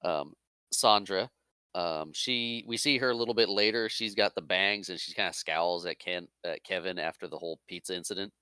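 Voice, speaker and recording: Man, podcast co-host, relaxed and chatty, low-pitched, dry close-mic sound. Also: moderate pace, clear, resonant tone, no echo. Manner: easygoing, laughs often, lists facts. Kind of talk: casual movie discussion.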